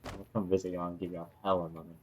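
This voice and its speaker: Young male co-host, low pitch, hushed and casual, slang-heavy. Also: little pitch movement, rapid-fire, slightly rough. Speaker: podcast co-host. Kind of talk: casual chat.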